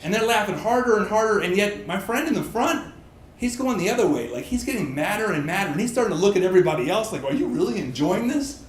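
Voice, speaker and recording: A man telling a true personal story on stage, animated and self-mocking, laughing through his lines. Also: sits high, quick pace. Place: stage in a pub. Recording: echoey live room, faint crowd noise.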